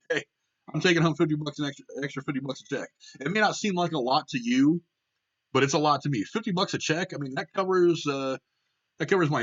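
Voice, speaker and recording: A man's voice: on the high side, a bit bright, husky, lo-fi sound. Blunt, profane man ranting on politics. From Ohio. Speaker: political commentary host. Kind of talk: casual opinion rant.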